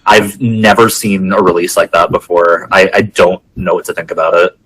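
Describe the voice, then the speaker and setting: A man's voice: low voice, fairly even intonation, moderate pace, a bit bright, slightly rough, poor audio. A man co-hosting a podcast in casual chat, laid-back and hesitant, often restarting his sentences. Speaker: podcast co-host.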